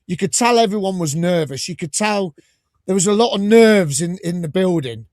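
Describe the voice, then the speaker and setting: A man's voice: high-pitched, normal speed, no echo, studio quality. Chatty Midlands man telling stories. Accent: English Midlands. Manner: chatty storyteller, lively and animated. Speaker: podcast host. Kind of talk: casual chat.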